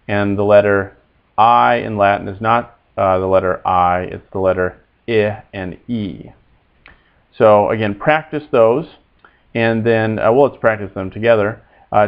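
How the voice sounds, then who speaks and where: A man with a low, gravelly voice teaches Latin pronunciation at an unhurried pace, stopping often with "uh" and saying each example word twice. The recording sounds dull and lo-fi, like a simple home setup. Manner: slow, halting delivery with frequent "uh" fillers, repeating words for students to echo.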